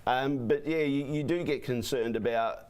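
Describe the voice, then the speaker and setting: Give me a hoarse man, a race caller telling chatty stories as a guest. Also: medium pitch, normal speed. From Australia. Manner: chatty, animated anecdotes with repeated "you know what I mean". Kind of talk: interview guest storytelling.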